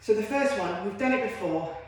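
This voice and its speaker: A woman's voice: medium pitch, animated, brisk, a little mellow. A woman leading a home workout as a fitness instructor, chatty and encouraging with self-deprecating asides. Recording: very echoey room.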